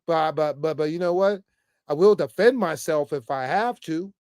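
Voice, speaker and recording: Ranting about politics to camera without a script, this vlogger stammers a lot, repeats himself emphatically and caps phrases with "man." His slightly high voice is smooth and a little mellow at a moderate pace, captured at studio quality with no echo.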